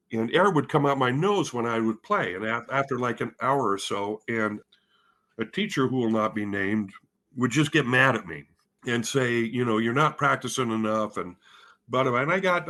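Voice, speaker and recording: A man's voice: mid-range voice, fairly bright tone. A man from Spokane, Washington, a head of bands, telling his story in a casual interview, rambling and self-deprecating, with many fillers and restarts. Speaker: guest, head of bands at a music school.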